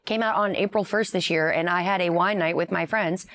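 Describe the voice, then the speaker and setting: A woman co-hosting a casual chat show, gushing and expressive as she tells stories. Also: lowish voice, brisk. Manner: gushing and expressive, acts out quotes. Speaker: co-host.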